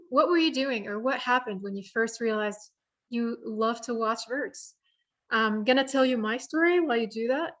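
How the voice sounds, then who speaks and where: A woman's voice: fairly high pitch, a bit bright. Woman explaining birds on a video call. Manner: friendly, explanatory, with frequent fillers. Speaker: workshop presenter. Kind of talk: online bird identification workshop. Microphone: computer mic on a video call.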